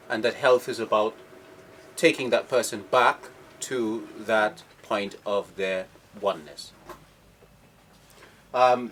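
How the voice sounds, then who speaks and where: A man recapping an earlier lesson at an event, speaking in a measured way with hesitant fillers and restarts. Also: medium pitch, a bit bright, slight background noise, low-quality recording. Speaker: speaker at a book launch. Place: event room at a book launch.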